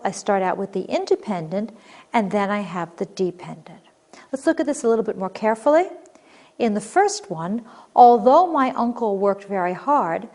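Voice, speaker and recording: A woman teaching a recorded grammar lesson, explaining clearly and patiently. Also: mid-range voice.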